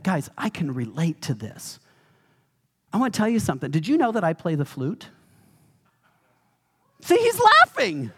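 A man preaching a sermon as pastor, emphatic and animated, with touches of humor. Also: on the high side, husky.

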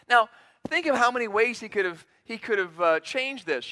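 A man's voice: very high voice, animated, moderate pace, bright, forceful tone. A man preaching a sermon, emphatic, acting out quotes in a raised voice. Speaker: pastor.

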